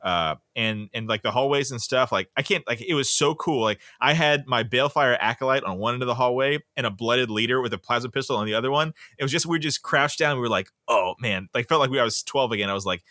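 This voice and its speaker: A man's voice: mid-range voice, quick pace, hardly any pauses, sharp tone, no room sound, studio quality. An American man co-hosting a gaming podcast, chatting casually and enthusiastically, with many filler "like"s. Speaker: podcast co-host. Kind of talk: casual chat.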